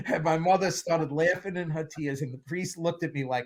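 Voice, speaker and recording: A man's voice: fairly high pitch, normal speed. A man in his sixties, a film producer as a guest, talking in a candid, rambling way and telling stories with wry humor. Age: 60s. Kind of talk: casual interview chat.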